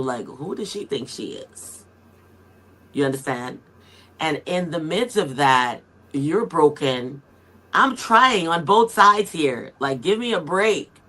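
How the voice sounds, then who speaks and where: A woman moderating a podcast panel, her voice bright and forward. She talks straight to her guest, nodding along and reflecting back what she heard in an easy, conversational way. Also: low-pitched. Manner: affirming, reflective, addresses guest directly.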